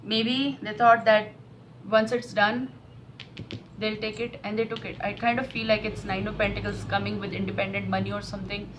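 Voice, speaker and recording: A woman's voice: medium pitch, little pitch movement, normal speed, noisy background. A woman giving an emotional, repetitive tarot reading to camera. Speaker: tarot reader.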